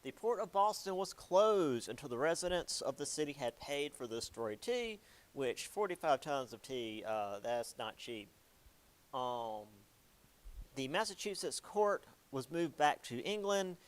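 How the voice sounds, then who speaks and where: A man's voice: fairly high pitch, expressive, unhurried. A young man giving a casual history lecture, chatty and jokey, with many ums and likes.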